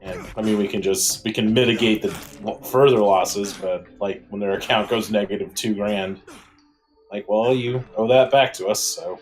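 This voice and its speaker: A man's voice: fairly low pitch, steady tone, moderate pace. A man playing a game in co-op with a friend, talking in a laid-back, casual way with easy swearing and short agreeing replies. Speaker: co-op gaming partner. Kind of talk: casual chat over co-op gameplay. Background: game music.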